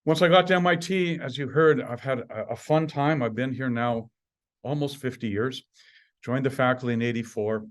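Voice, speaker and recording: A man in his sixties from Canada, a university administrator giving an alumni talk with wry humor and lively emphasis. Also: mid-range voice, moderate pace. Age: 60s. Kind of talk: prepared talk.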